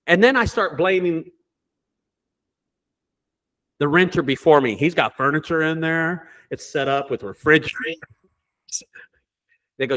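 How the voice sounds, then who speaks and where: A man who owns a junk removal business, telling stories in a casual group call with lots of swearing and animated delivery. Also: on the high side, moderate pace. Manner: profane, animated storyteller.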